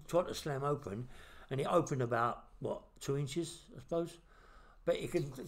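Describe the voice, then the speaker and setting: A middle-aged man, a podcast host telling a blunt, swear-filled story in casual chat. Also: mid-range voice.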